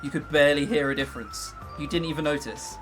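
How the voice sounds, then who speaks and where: A man's voice: fairly high pitch, fast, fairly bright tone, soft background music. A young English man chatting on a casual livestream, joking and self-mocking. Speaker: streamer.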